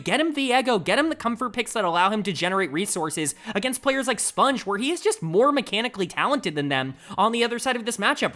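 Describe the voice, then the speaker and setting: Fast, bright-voiced opinionated esports analyst. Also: male voice, sits high. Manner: emphatic and opinionated, rapid-fire delivery. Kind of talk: solo esports analysis video.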